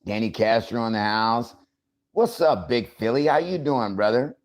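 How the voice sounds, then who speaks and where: A man chats on a livestream in a loose, joking, profane way and keeps calling out his viewers by name. His voice sits at an ordinary middle pitch for a man. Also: lively intonation, moderate pace. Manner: greets chat viewers by name. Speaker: livestream host. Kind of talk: casual livestream chat.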